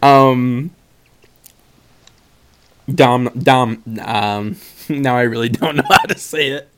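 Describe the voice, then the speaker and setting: A man's voice: mid-range voice, slow pace, pauses often, a bit bright. A man co-hosting a casual movie chat, sarcastic and giggly, often laughing mid-sentence. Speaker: podcast co-host reviewing movies.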